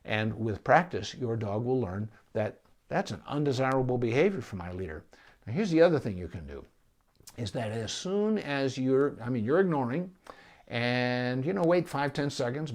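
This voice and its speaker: A man speaking as a veterinarian in a live-streamed Q&A. He gives calm, measured explanations with pauses and small restarts. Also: medium pitch. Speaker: veterinarian answering viewer questions. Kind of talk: live-streamed Q&A advice talk.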